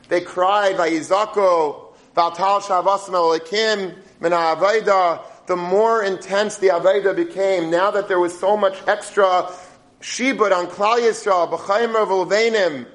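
A man teaching on the weekly Torah portion, emphatic and full of rhetorical questions. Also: high voice.

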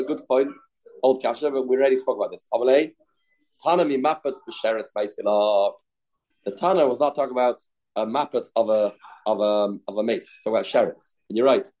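A man's voice: mid-range voice, warm tone. A man teaching a Talmud lesson, talking in a sing-song study rhythm, repeating phrases and mixing English with Hebrew and Aramaic terms while answering students.

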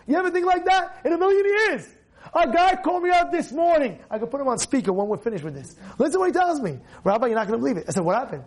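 A man, a rabbi, giving a Torah class, animated, firing rhetorical questions and repeating phrases for emphasis. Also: very high-pitched, fast.

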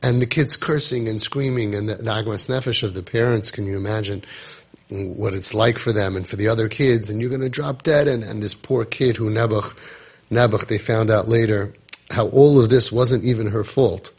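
Husky emphatic man telling a story. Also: lowish voice, fairly even intonation, normal speed. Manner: emphatic, repetitive, dramatic retelling. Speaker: parenting coach. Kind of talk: podcast storytelling talk.

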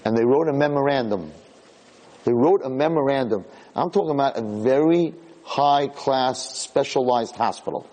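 A man, a rabbi, giving a lecture as an animated storyteller who acts out voices. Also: medium pitch, moderate pace.

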